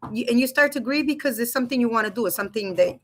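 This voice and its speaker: Talking very fast in a fairly high voice, with a slight hiss or hum in the audio, a woman in her thirties or forties hosts a loose, chatty webcam stream from a room in her home. She keeps referring to her viewers as "you guys."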